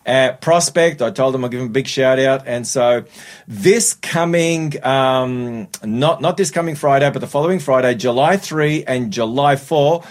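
An upbeat man hosts a radio studio chat, sounding slightly nasal from a cold. He talks in a friendly, rambling way and keeps repeating himself as he goes. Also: medium pitch. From Australia. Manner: upbeat, chatty, laughs often, repeats words. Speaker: radio show host.

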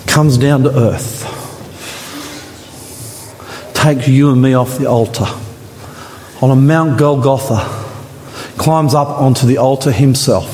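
A man preaching a dramatic sermon in a church, his voice rising higher and louder at the climaxes. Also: slow pace, long pauses, slight background noise. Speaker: pastor. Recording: church hall with long reverb.

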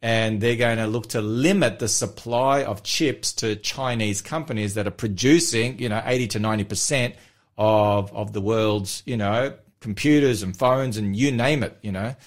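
A man's voice: fairly low pitch, normal speed. A man co-hosting a radio show as a church pastor. He chats casually, rambling with many fillers and false starts. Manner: rambling, hesitant, self-deprecating.

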